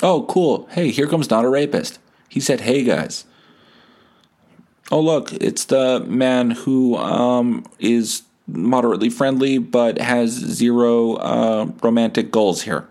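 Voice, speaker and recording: Chirpy, mock-relieved young women greeting a passerby in a raised, bright tone, as a man imitates them. The pitch sits well above the man's usual low voice. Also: takes it slowly.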